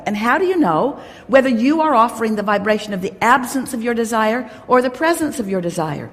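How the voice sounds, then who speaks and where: A woman's voice: a little high, sing-song, normal speed, slight background noise. A woman giving an emphatic, teacherly motivational talk to a live audience, speaking of herself as "we". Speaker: inspirational speaker at a live gathering. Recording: long hall reverb from a live event.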